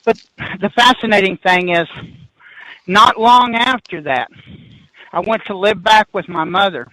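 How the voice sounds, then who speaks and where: A man in his fifties, a podcast guest, telling a spooky story in an animated, excitable way, restarting sentences and laughing as he goes. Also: sits high, a little slow, no room sound, rough recording. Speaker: guest paranormal investigator.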